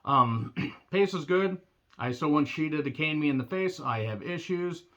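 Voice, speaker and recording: A man giving a casual recap of a wrestling show, sarcastic and blunt, often clearing his throat. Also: fairly high pitch, animated, normal speed, fairly bright tone, dull audio.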